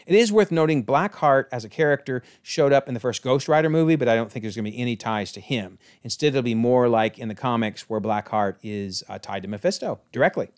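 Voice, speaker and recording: A man's voice: medium pitch, animated, a little fast, hardly any pauses. A man giving a casual, enthusiastic episode breakdown, chatty and often correcting himself mid-sentence. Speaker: YouTube show recapper.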